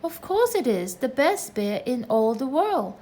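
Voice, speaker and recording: A woman voicing an eager young boy who talks brightly and excitedly. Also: sits high, a little slow, exaggerated voice. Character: eager young boy, kind leader of friends.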